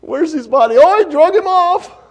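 A male preacher acting out grown brothers who fake grief to their father in a high whining cry. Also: normal speed. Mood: fake wailing.

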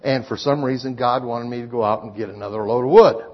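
A medium-pitched pastor preaches fast, telling folksy personal stories with emphatic rises in his voice. The lo-fi recording sounds slightly dull.

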